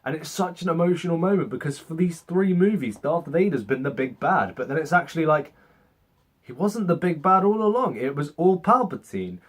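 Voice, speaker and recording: A man's voice: fairly high pitch, expressive, normal speed, husky. A young man giving a casual, sarcastic movie review, swearing freely and acting out scenes in mock voices.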